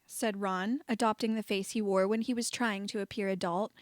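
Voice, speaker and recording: A woman narrating a fan-fiction story in a quiet, measured reading. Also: medium pitch, fairly even intonation, no echo, clean studio sound. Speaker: audiobook reader.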